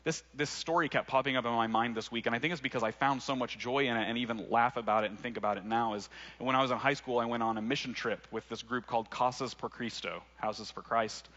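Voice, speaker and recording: A man's voice: medium pitch, fairly even intonation, fast talker, bright, forceful tone, dull audio. A young man from Arkansas, preaching a sermon in a casual, conversational way with laughing asides. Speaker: pastor.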